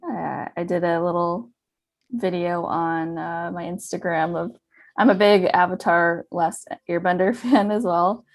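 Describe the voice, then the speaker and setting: Young woman, bubbly, giggly, dry close sound, soft music behind. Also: on the low side, steady tone, a little slow, no echo. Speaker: guest artist. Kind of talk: casual livestream chat.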